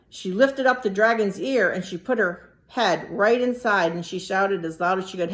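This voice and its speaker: A teacher reading a picture book aloud to young children, animated and stopping to ask them questions. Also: female voice, mid-range voice, moderate pace, few pauses. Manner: animated, asks the listeners questions.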